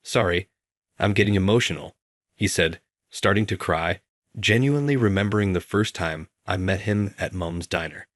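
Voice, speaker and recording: A man reads a first-person story in a measured, scripted narration. His voice sits very low, and the recording is dry and close-miked. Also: a bit bright, no room sound.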